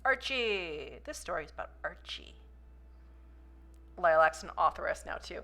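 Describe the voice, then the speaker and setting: A young adult woman streaming a story game. She reads the game text aloud and gushes loudly over the characters, giggling often. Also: mid-range voice, a little slow, pauses often. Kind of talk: let's play commentary, reading game text aloud.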